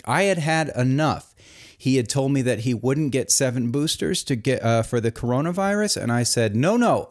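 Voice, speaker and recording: A man hosting a satirical comedy review show, talking in a mock-earnest, rambling way. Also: medium pitch. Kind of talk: deadpan satirical monologue.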